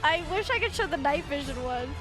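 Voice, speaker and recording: A young woman streamer telling an animated story in casual chat, swearing freely. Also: high-pitched, a little fast, over music. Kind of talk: casual chat while gaming.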